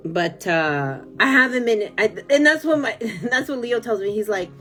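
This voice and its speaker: A woman's voice: on the high side, animated, moderate pace, sharp tone, faint music behind. A woman from California, chatting casually on a live stream, rambling and gushing with lots of fillers as she answers viewer comments.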